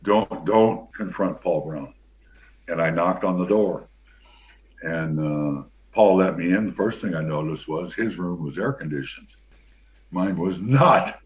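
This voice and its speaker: Deep-voiced older man telling a story. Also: measured pace. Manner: relaxed, rambling, with many fillers. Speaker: guest, former pro football player. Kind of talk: anecdotal storytelling. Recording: dull lo-fi sound.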